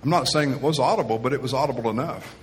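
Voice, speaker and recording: A man's voice: mid-range voice, fast, slight background noise. A male pastor preaching a sermon as a personal story, in a storytelling style that acts out the quoted voices. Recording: reverberant hall.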